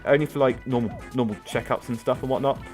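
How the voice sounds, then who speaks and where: A man's voice: medium pitch, quick pace, faint music behind. A young man, chatting in rambling casual let's-play commentary while he plays. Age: young adult. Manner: rambling chatty storytelling, many fillers. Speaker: gaming video host.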